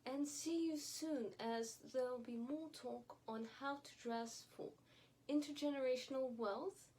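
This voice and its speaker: A woman's voice: on the high side, a little mellow, slight background noise, low-quality recording. A woman vlogger giving opinionated, wry commentary straight to her viewers, with mocking repetition. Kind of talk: casual commentary to camera.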